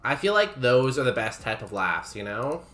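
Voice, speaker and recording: A man's voice: medium pitch, sing-song, moderate pace, a bit bright, soft background music. A young man streaming a game, chatting casually with his viewers, laughing often and saying "like" a lot. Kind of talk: casual chat while playing a game.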